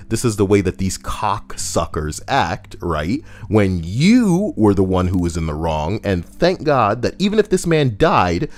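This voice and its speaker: A man co-hosting a podcast, ranting in a profane, heated, animated way. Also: on the low side. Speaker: podcast co-host. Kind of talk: casual ranting commentary.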